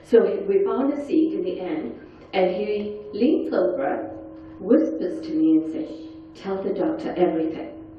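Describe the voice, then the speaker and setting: In a big conference hall, a middle-aged woman shares a heartfelt, intense testimony at a forum, voicing the quotes in her story. She speaks unhurriedly in a mid-range voice with lively intonation, and soft music plays behind her. The sound is distant, dull and full of echo.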